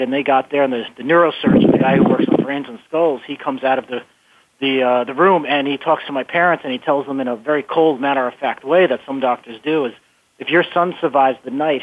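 A man telling his life story as an interview guest, earnest and often repeating words as he thinks. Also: medium pitch. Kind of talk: phone-in radio interview. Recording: tinny phone line.

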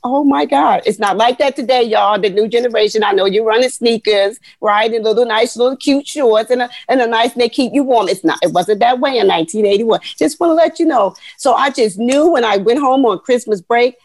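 Woman, 60s, animated folksy storyteller, fairly high voice, dry close sound. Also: fairly quick, few pauses, no echo. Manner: animated, folksy, addresses listeners as y'all. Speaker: guest, retired Army veteran. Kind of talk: storytelling interview.

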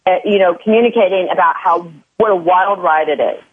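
A woman's voice: on the low side, fairly quick, husky. A woman guest in a casual chat who talks candidly and often restarts her sentences. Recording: tinny phone line.

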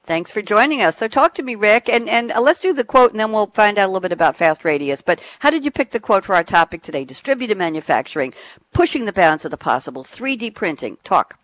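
A man's voice: high voice, very animated, fast talker, a bit bright, no echo. A man moderating a panel discussion, chatty and prone to asides while introducing guests. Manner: chatty, jumps between asides.

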